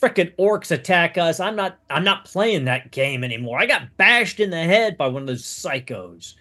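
A man's voice: fairly high pitch, lively intonation, normal speed, bright, forceful tone, voice pushed up. A man voicing a young injured monk who is fed up, agitated and swears in a tabletop game.

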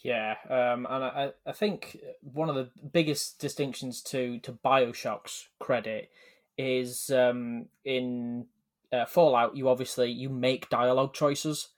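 A man co-hosting a casual gaming podcast, explaining things at length with many ums and halting restarts. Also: medium pitch, steady tone. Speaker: podcast co-host.

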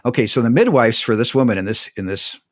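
A man on a talk show telling stories about scripture with emphatic, animated delivery and frequent restarts. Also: medium pitch, fast, no room sound, clean studio sound. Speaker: guest speaker on theology. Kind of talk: animated conversational storytelling.

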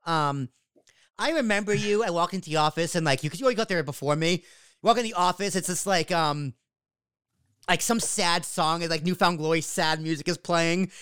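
A man with a fairly high, smooth voice, hosting a casual podcast on a dry, close-sounding mic. He banters with his guest, lively and quick to swear. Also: no room sound. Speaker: podcast host. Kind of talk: casual chat.

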